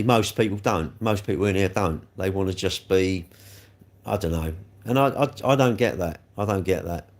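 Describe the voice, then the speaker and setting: A man streaming live, rambling and repeating himself as he talks straight to viewers about their comments. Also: lowish voice. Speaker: livestreamer.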